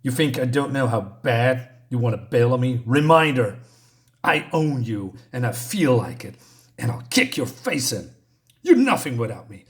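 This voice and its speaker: A brutal, aggressive foster father who bullies the boy in his care, read aloud by a man. He snaps out his threats, and his voice jumps loud in sudden bursts. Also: medium pitch, sing-song, moderate pace, lightly acted. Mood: menacing. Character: aggressive criminal foster father, adult male bully.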